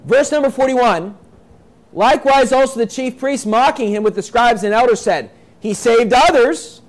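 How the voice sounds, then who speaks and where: Male preacher, very high voice, reads verses then drives points home emphatically. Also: normal speed. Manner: reads scripture aloud then explains it in plain talk; emphatic, repeats points, acts out quoted voices. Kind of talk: sermon.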